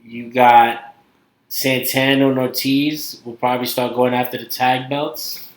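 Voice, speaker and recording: A man's voice: medium pitch, little pitch movement, measured pace. A man with a Brooklyn accent co-hosting a casual podcast, rambling and hesitant, trailing off often. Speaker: podcast co-host. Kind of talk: casual chat. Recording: echoey room.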